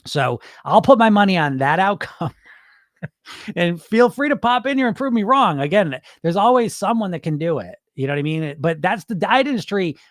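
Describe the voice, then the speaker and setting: A man's voice: high voice, normal speed, no room sound, clean studio sound. A man on a weight loss live stream, reading viewers' comments and answering bluntly, swearing freely and acting out what dieters tell themselves. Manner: blunt, animated, swears freely, acts out dieters' inner voices. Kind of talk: casual live-stream talk.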